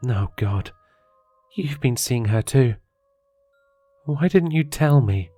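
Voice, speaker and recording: A man's voice: on the low side, a little slow, warm tone, no room sound, soft background music. A man voicing a worried, tearful middle-aged mother who speaks in an anxious, pleading way.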